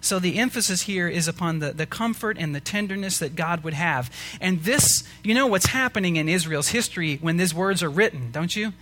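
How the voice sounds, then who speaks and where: A man's voice: high voice, lively intonation, brisk, hardly any pauses, bright, forceful tone. A man preaching a sermon as pastor, earnest and rising to emphatic questions to the congregation.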